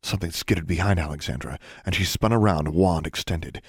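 A man narrating an audiobook in a steady, even storytelling manner. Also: sits low, brisk, breathy edge, no echo, clean studio sound. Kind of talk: scripted narration.

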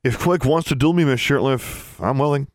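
A man's voice: medium pitch, normal speed, no room sound, voice pushed up, lightly acted. A cocky teenage wizard rival, as a man puts him on, lifting his voice into a smug, mock-polite tone. The sound is close and dry.

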